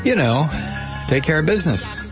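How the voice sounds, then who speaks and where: A man's voice: fairly high pitch, very animated, normal speed, loud music behind the voice. A man hosting a talk show, reading news reports aloud with many fillers and breaking off into scornful remarks. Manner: hesitant, with frequent fillers. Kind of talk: news commentary with sardonic asides.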